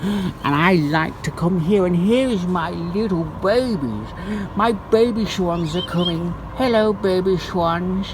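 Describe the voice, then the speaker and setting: A man's voice: high voice, noisy background, pitched above the performer's own voice. A man putting on a vain, preening swan. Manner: slow, sing-song, silly.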